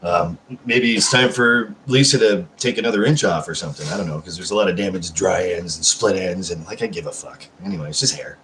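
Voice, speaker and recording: A man's voice: sits low, fairly quick, few pauses, fairly bright tone, slight background noise. A man hosting a live stream at home, chatting casually with viewers, rambling and swearing constantly while answering chat messages. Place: at home, seated.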